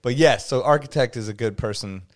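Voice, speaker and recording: A man hosting a podcast in casual chat, an animated storyteller who acts out quotes loudly and laughs often. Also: mid-range voice, brisk. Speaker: podcast host.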